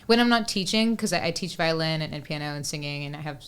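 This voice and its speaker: A woman's voice: low voice, fast, clear, resonant tone. A woman in her twenties, a guest musician, chatting casually and thoughtfully in an interview, often saying "like" and "whatnot.". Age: 20s. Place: Los Angeles.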